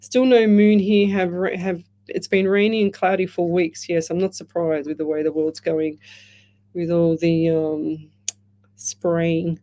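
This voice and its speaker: A woman's voice: lowish voice, little pitch movement, measured pace, dark tone. A woman hosting a live radio show as a psychic medium, chatting in a rambling way and greeting listeners by name over a headset mic. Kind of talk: live radio chat, reading out listener comments. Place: radio studio.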